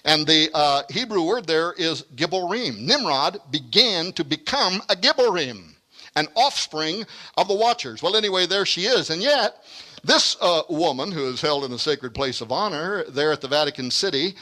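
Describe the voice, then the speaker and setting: Man, lecture, bright ringing voice, fairly high pitch, emphatic delivery, quick asides. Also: expressive. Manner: emphatic, dramatic stresses, rapid asides. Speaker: speaker giving a lecture. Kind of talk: lecture with read-aloud quotations.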